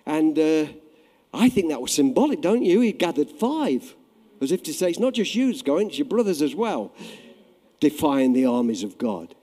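A man preaching a sermon, telling a story with lively acted-out voices that swell loud at the high points. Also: moderate pace. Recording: long hall reverb.

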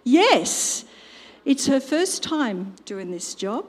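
A woman's voice: sits high, very animated, extremely slow, background noise. An older woman preaching a sermon, telling a family story and acting out quotes and sound effects. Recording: long hall reverb.

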